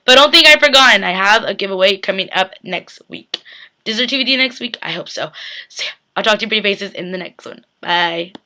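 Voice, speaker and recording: Young woman vlogger, bright tone, chatty and emphatic, webcam recap. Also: medium pitch, expressive, fairly quick. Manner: chatty, emphatic, lots of "like" and "literally". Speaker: YouTube TV reaction vlogger. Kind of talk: casual recap chat.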